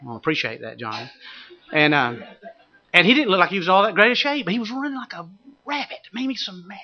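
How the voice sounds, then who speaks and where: Animated high-voiced preacher man. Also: fast talker, dull audio. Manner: animated, humorous storytelling that builds to shouted exhortation. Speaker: pastor. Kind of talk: sermon with personal anecdotes.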